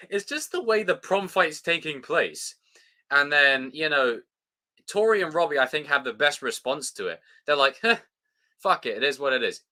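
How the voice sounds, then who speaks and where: A British man hosting a casual live review chat, excitable and sweary, with plenty of fillers. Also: medium pitch. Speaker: show host.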